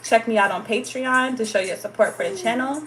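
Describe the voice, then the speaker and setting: Brisk and fairly bright, her high-leaning voice carries a casual livestream chat. She's an American tarot channel host from the United States, slangy and playful, laughing often between what she says.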